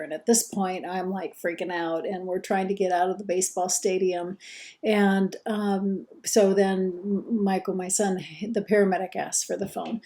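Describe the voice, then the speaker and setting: A woman's voice: medium pitch, little pitch movement, normal speed, mellow. A middle-aged woman giving a recorded course lecture in an earnest, conversational way, often restarting and correcting herself. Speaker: instructor.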